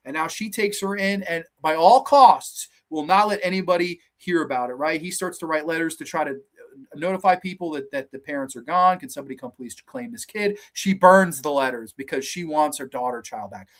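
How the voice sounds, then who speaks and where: A host reviewing episodes in a casual rant, profane and exasperated, swearing often, with pitch jumping when worked up. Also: a bit bright.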